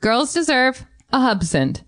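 A woman's voice: very animated, unhurried, a bit bright, dry recording, studio quality. A woman co-hosting a comedy podcast, with sassy, exaggerated asides. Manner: exaggerated, sassy asides with big pitch swings. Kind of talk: playful comedic banter.

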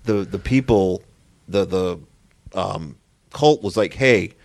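A man co-hosting a podcast in casual chat, rambling excitedly with many restarts. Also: low-pitched, slow pace, dry recording. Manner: excited, rambling, full of restarts and silly voices. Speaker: podcast co-host.

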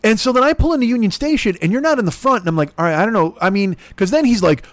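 A high-voiced man rants through a comic story, his pitch swinging wildly as he mocks his friend's voice and swears freely. The sound is dry and close, with no room around it. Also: racing, few pauses, no room sound. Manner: animated, exasperated storytelling with mocking impressions. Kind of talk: profane comedic rant.

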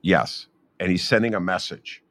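A man hosting a political talk show, emphatic and halting, with many fillers. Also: low-pitched, fairly bright tone. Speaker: radio host.

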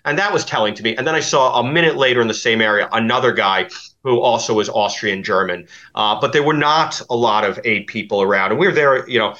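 A man's voice: medium pitch, fast talker, pushed and bright, dull audio. A man giving a rambling account in an interview as an investigative journalist, full of fillers and restarts.

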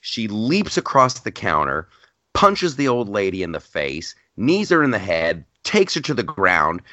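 Lively, bright-voiced man telling a story. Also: lowish voice, a little slow, no echo, highs cut off. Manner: animated storyteller with frequent restarts. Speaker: podcast host. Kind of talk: casual podcast chat.

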